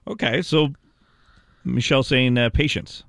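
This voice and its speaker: A man's voice: mid-range voice, measured pace, vocal fry, a bit bright, dry recording, studio quality. A man co-hosting a radio sports talk show in a laid-back, teasing way.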